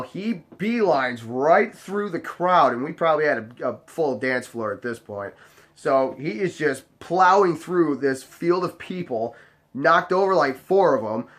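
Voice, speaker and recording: A man who works as a bar bouncer, telling a story to the camera in a casual, profane, animated way. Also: fairly high pitch. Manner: profane, animated, acts out other people's voices.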